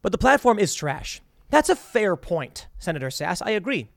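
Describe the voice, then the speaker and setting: Animated man with a high, lively voice. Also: moderate pace, gravelly, no room sound, studio quality. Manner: animated, sarcastic, reads quotes aloud and reacts. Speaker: political commentary host. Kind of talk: solo political commentary.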